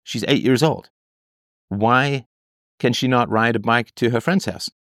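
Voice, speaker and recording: A man's voice: medium pitch, a little slow, fairly bright tone, dry recording. A man with a mid-range voice reads a text aloud and keeps stopping to tear into it. His commentary is sarcastic and emphatic, and he drives points home by repeating them. The recording is dry, with no room sound. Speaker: commentator reading and reacting to a text. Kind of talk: reading aloud and ranting commentary.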